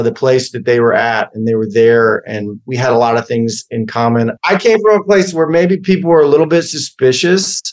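With a gravelly, mid-range voice, a fiftysomething actor from Oklahoma, USA, shares stories as an interview guest. He's wry and rambling, often stopping to correct himself mid-sentence.

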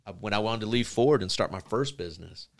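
A man co-hosting a casual interview show. He tells stories in a lively way and acts out the people he quotes. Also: fairly low pitch, fast talker, creaky. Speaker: podcast co-host.

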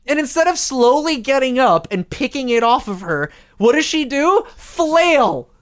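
A woman's voice: high-pitched, very animated, unhurried. A woman co-hosting a podcast, chatting casually and sarcastically about a movie, often laughing. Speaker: podcast co-host. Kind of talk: casual movie reaction chat.

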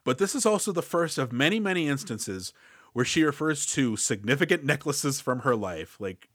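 A man co-hosting a casual movie podcast, opinionated and sarcastic, tossing in quick impressions. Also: mid-range voice, animated, fairly bright tone, no room sound, studio quality. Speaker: podcast co-host. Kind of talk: casual movie review banter.

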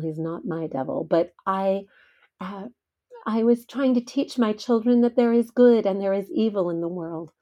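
Slow, husky-voiced woman hosting devotional talk. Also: on the low side, warm tone. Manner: earnest, heartfelt storytelling. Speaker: podcast host.

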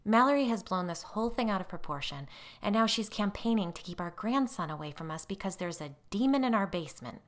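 A woman's voice: medium pitch, lively intonation, brisk, pitched above the performer's own voice, lightly acted. A woman voicing a defensive, anxious middle-aged mother in a story reading. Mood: tense.

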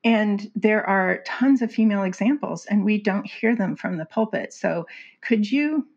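A woman speaking as an author and guest in a conversational interview, earnest and animated, laughing often. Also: medium pitch, measured pace, breathy edge. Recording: slightly dull lo-fi audio.

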